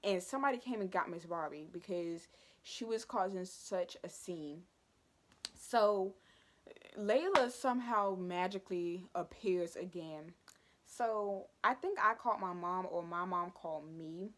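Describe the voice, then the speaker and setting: A young woman telling a school story for her vlog, animated and dramatic with lots of asides. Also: lowish voice, a little slow. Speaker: vlogger.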